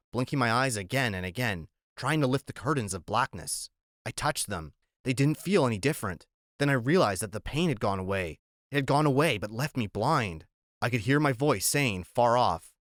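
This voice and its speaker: Man, audiobook narrator, middle pitch, measured even delivery, dry close studio mic. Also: dry recording.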